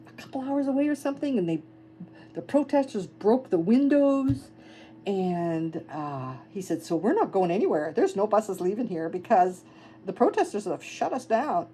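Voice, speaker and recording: Animated woman telling a travel story. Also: medium pitch, unhurried, rough recording. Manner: animated, laughs often, acts out quoted voices. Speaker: travel vlogger. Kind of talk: casual storytelling.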